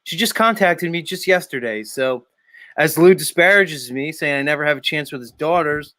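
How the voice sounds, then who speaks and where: A man hosting a casual live chat, teasing the others in a sardonic way. His voice is bright and sharp, recorded dry and close. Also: fairly high pitch, expressive, normal speed, no echo.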